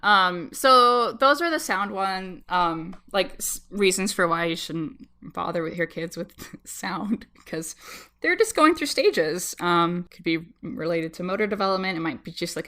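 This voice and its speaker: A woman's voice: lowish voice, sharp tone. A woman interviewed on a podcast, explaining child language in a chatty way with lots of ums and likes and laughs between points. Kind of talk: casual explanatory chat.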